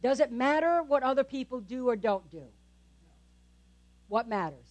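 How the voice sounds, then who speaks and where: A woman's voice: sits high, expressive, brisk, a little mellow. Woman pastor preaching, chatty and questioning. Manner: conversational preaching with frequent tag questions. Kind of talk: sermon.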